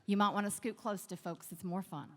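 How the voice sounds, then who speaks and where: A woman's voice: mid-range voice, fairly quick, in a large hall. A woman giving an interactive motivational keynote on a large convention stage, leading the crowd in call-and-response. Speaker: keynote speaker.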